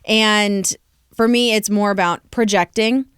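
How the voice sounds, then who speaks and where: Young female news anchor, smooth resonant voice, dry studio sound, chatty and laughing. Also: medium pitch, steady tone, unhurried, a bit bright, no echo. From American Midwest. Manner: chatty, laughs often, many likes and ums. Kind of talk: casual interview chat.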